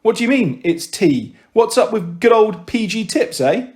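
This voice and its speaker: A brash teenage girl with a cheeky, mocking way of talking, as a male reader puts her on. Her voice sits high and bright, full of teasing. It is heard in a storybook reading. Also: animated, normal speed.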